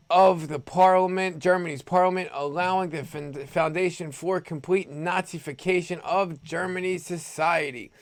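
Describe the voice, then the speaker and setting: A man's voice: on the high side, no echo. Sarcastic man hosting homemade news. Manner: sarcastic, rambling. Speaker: host. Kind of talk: opinionated news commentary.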